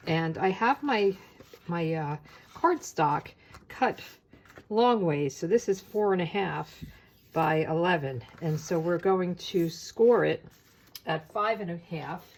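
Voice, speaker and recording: Lowish-voiced woman chatting through a craft demo. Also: a little hiss or hum. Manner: chatty and relaxed, with frequent filler words while working with her hands. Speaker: papercraft demonstrator. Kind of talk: casual step-by-step craft tutorial.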